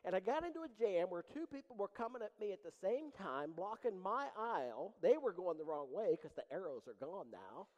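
A man preaching a sermon as pastor, animated, with dramatic pauses and rising emphasis. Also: sits high, long reverb tail, highs cut off.

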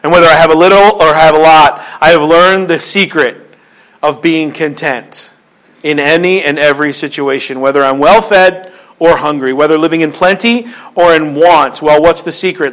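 A male pastor delivers a sermon, his voice sitting high for a man. He builds his points through repetition and rising emphasis, and he slips into quoted voices to tell a joke. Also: steady tone, normal speed, fairly bright tone, rough recording.

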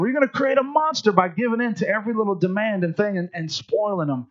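A high-voiced man preaching in an animated, storytelling way. The recording sounds dull and lo-fi. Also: fast, hardly any pauses. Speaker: pastor. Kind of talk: sermon.

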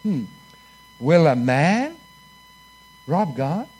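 A man's voice: on the high side, very animated, very slow, a little mellow, breathy edge. A man preaching a sermon in church, telling a personal story and leading the congregation in call-and-response.

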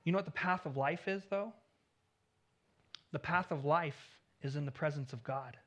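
A pastor preaches at a moderate pace in a high, bright voice, earnest throughout. He rises in volume for key points, softens at phrase endings, and sometimes repeats a word when restarting.

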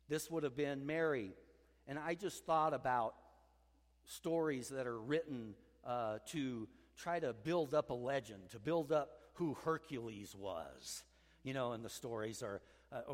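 Animated male pastor preaching in a hall. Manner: animated storyteller, climbs higher and louder when excited. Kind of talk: sermon. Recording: long church hall reverb.

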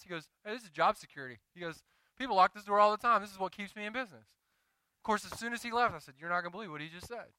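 Pastor, male, high and piercingly bright, smooth tone, dry close mic; chatty and confessional, builds to emphatic preaching. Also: no room sound. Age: adult, married. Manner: conversational, confessional, rising to emphatic exhortation. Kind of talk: sermon.

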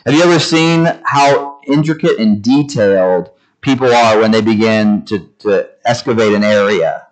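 A man preaching a sermon, slowing down to stress each word and shifting his delivery as he teaches. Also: on the low side, soft background music, poor audio. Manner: slow deliberate emphasis on each word, varied delivery. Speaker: pastor.

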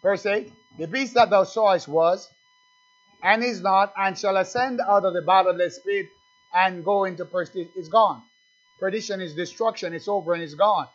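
High-voiced preacher in a lo-fi sermon. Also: male voice, moderate pace. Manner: call-and-response preaching, acts out dialogues.

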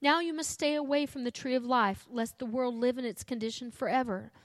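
A woman voicing a stern, grieving male God who makes loud, commanding declarations. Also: on the high side, fairly even intonation, a little fast, no echo, natural voice.

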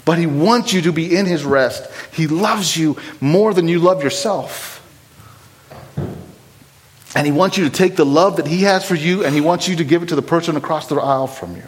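A man's voice: on the high side, moderate pace, poor audio. A man preaching a sermon, blunt and impassioned, pressing his points with rising urgency.

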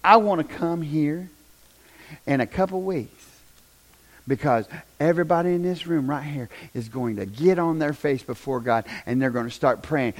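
A pastor preaches a fiery revival sermon to his church. His voice sits high for a man. He swings from shouted lines down to hushed, near-whispered ones. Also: animated, moderate pace.

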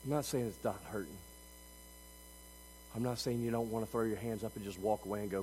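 A man preaching a sermon as pastor, moving between loud, emphatic passages and quiet, intimate asides. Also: on the low side, steady tone, fairly quick, big-room sound, rough recording. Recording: faint mains hum.

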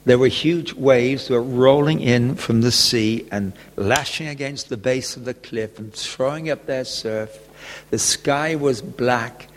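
A man preaching a sermon, telling a gentle personal story and often chuckling. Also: medium pitch. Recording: long echoey reverb.

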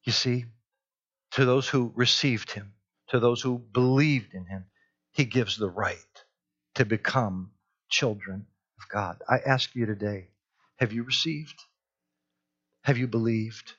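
A man's voice: medium pitch, slow, pauses often, a bit bright, muffled recording. A man preaching a sermon, earnest, who repeats his key phrases and rises into urgent pleas. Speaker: pastor.

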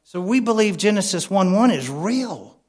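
A man's voice: sits high, big pitch swings, moderate pace, darkish tone, slightly rough. A man preaching a sermon in a conversational way, often asking the congregation questions. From United States. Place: church.

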